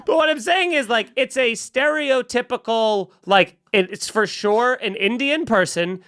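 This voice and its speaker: Bright, high-voiced man telling a story. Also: measured pace, clean tone, dry recording, clean studio sound. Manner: animated, profane, acts out quoted exchanges. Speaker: comedian podcast host. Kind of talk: casual storytelling chat.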